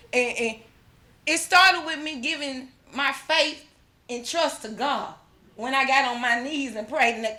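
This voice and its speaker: High-sitting, bright, and forceful, this middle-aged woman's voice carries an emotional testimony she gives as a mother at an awards ceremony. She speaks fervently in religious terms, repeating herself and restarting often.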